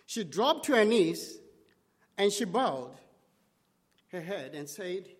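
A man's voice: high voice, big pitch swings, slow pace, long reverb tail. A man preaching a sermon, telling a story in short, dramatic phrases.

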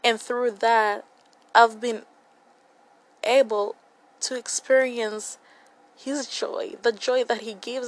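Young woman, slightly high voice, earnest devotional speaker who repeats herself for emphasis. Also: flat delivery, slow, pauses often, rough recording. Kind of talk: devotional Bible reflection.

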